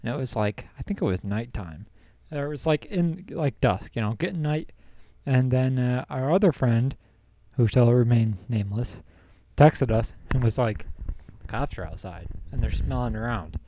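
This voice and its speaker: A man's voice: mid-range voice, moderate pace, mellow, no echo. A young man hosting a podcast, telling a college story casually and laughing through it. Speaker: podcast host.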